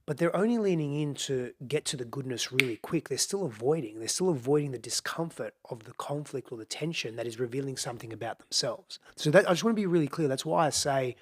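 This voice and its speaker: A man's voice: mid-range voice, lively intonation, quick pace, hardly any pauses, a bit bright. Earnest, emphatic male podcast guest. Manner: earnest, emphatic, repeats phrases for stress. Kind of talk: reflective conversational explaining.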